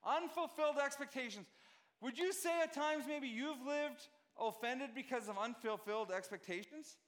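A man's voice: very high voice, normal speed, a bit bright. A male pastor giving a conversational sermon to a congregation, often checking in with his listeners.

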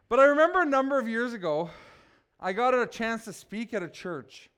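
A man's voice: very high voice, fairly quick, clear, resonant tone. A man in his forties, a pastor preaching a sermon with humorous stories and joking asides to the congregation. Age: 40s. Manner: joking, self-mocking, animated asides to the congregation.

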